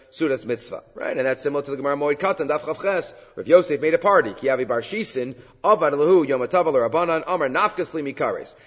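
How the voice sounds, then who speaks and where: A man teaching a Talmud lesson who chants the quoted texts and then explains them in a lively way. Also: medium pitch. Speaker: Torah teacher. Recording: dull lo-fi sound in a long-reverb hall.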